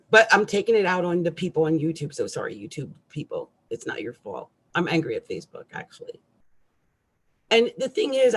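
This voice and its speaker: A middle-aged woman astrologer ranting irritably on a live stream, with loud outbursts and quiet asides. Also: fairly low pitch, slightly rough.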